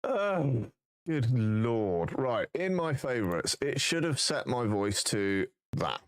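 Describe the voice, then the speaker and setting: A man's voice: medium pitch, very animated, slow pace. A man live-streaming, chatting casually and thinking aloud while he fixes his voice settings.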